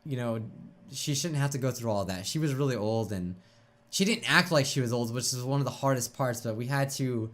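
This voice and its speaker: A man hosting his own reaction channel talks casually about losing a pet. His voice is choked and tearful, and he rambles with halting restarts. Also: medium pitch, fairly bright tone. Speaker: YouTube reaction host. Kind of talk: emotional casual reaction talk.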